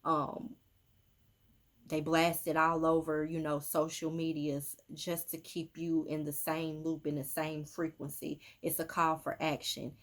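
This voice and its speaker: A woman's voice: low voice, little pitch movement, a little slow. Woman, casual emphatic medium monologue. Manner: emphatic, repetitive, with many fillers. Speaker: spiritual medium. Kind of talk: casual social media monologue.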